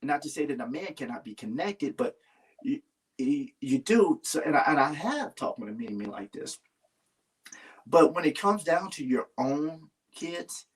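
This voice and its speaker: A man's voice: a little high, breathy edge. A man talking earnestly in a casual heartfelt conversation, rambling and restarting his sentences. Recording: voice a little far from the mic.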